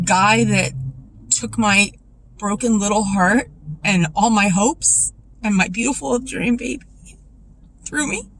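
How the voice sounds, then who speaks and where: A woman vlogger speaking in a raw, emotional personal monologue, confessional and tearful, her voice dropping low when upset. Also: a little hiss or hum, rough recording.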